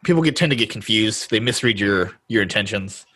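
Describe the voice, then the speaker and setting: A man's voice: fairly low pitch, animated, a little fast, bright, forceful tone, slightly rough. A man hosting a podcast, chatting casually in an easygoing way and laughing often. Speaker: podcast host. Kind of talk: casual chat.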